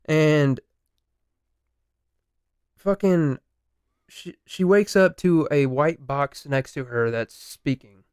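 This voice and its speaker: A young man co-hosting a podcast, retelling a story in casual chat, animated, swearing and laughing. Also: on the high side, slow, long pauses, smooth, no echo, studio quality. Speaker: podcast co-host.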